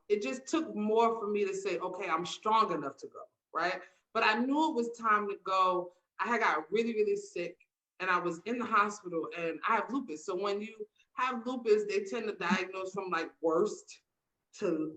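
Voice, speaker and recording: A woman co-hosting a relaxed podcast recounts personal stories with emphasis, voicing what others told her. Her mid-range voice is bright and forceful, and the recording quality is low.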